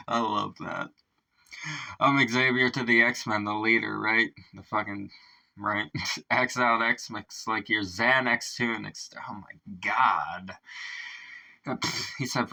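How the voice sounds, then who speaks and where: A man's voice: lowish voice, vocal fry, bright, forceful tone, rough recording. A man hosting a reaction video in casual commentary, swearing, laughing often and marveling aloud at the lyrics.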